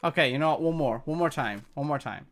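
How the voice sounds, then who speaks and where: A man streaming a game live, giving excitable, competitive commentary and reading in-game dialogue aloud. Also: a little high, fast, soft background music.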